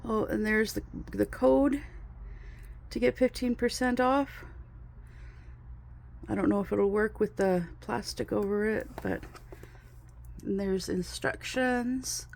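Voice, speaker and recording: Slow-talking, excited woman unboxing crafts. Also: medium pitch, gravelly. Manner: excited, gasping and gushing over each item. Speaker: vlogger unboxing craft kits. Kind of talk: casual unboxing chat. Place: inside her fifth-wheel trailer home.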